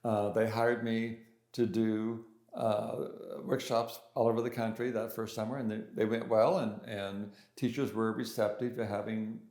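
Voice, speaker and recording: In a roomy, echoing recording, an older man who is a pianist and composer recounts his life during an interview. His delivery is casual and halting, full of fillers and false starts, in a lowish, darkish voice with a level tone and measured pace.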